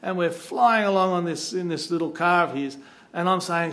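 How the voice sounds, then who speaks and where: A man from Australia with an Australian accent, telling a travel story in a chatty, animated way. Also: sits high, fairly quick. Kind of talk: casual anecdote.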